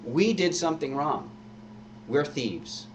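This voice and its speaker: Repentant thief , voiced by a male preacher, firm and raised, a little higher. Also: lively intonation, takes it slowly, far from the mic, slight background noise. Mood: rebuking. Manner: rebuking, earnest. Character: remorseful, earnest male thief on a cross.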